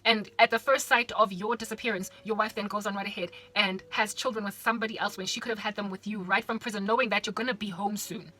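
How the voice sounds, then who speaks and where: A woman's voice: mid-range voice, fairly even intonation, fast, few pauses, pushed and bright. A woman from South Africa, a Christian vlogger, preaching casually and animatedly, putting rhetorical questions straight to the listener.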